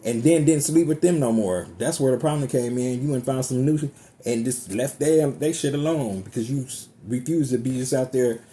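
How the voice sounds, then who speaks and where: A man's voice: mid-range voice, moderate pace, warm tone, slight background noise. A man giving a casual tarot reading to his viewers, chatty and emphatic, swearing freely. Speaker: tarot card reader. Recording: music playing underneath.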